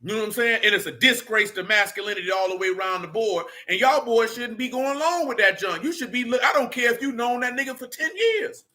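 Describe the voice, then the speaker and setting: A man's voice: extremely high pitch, expressive, fast talker, hardly any pauses, sharp tone. A man leading a casual Bible study, blunt and slangy as he preaches and rants.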